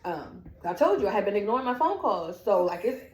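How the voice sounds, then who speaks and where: In an echoey room, a woman with a mid-range voice recounts her family's story at a fairly quick pace. She's animated, acting out each line of quoted dialogue.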